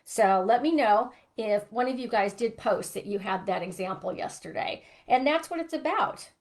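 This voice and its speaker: A woman's voice: fairly high pitch, lively intonation, normal speed. Give me an earnest middle-aged woman leading a live coaching session. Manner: earnest, coaching, asks reflective questions. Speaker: money mindset coach.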